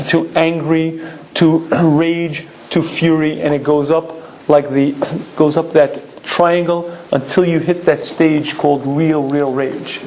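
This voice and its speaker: A man giving a Torah lecture, who clears his throat often and acts out his stories with lively delivery. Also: fairly high pitch, slight background noise.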